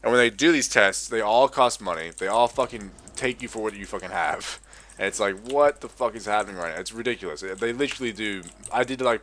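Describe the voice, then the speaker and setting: A man's voice: on the low side, a bit bright, a little hiss or hum. A young man ranting profanely in a casual gaming commentary. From Australia. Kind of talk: casual rant over gameplay.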